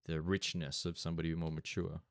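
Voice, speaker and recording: Smooth deep-voiced guy joking. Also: flat delivery, brisk, dry recording, studio quality. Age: late 20s. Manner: joking, laid-back banter. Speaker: podcast host. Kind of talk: casual chat.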